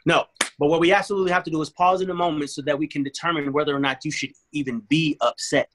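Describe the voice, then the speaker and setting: A man's voice: on the high side, steady tone, fast, a bit bright. A man guest in a candid interview, talking earnestly and acting out both sides of an argument as he tells it.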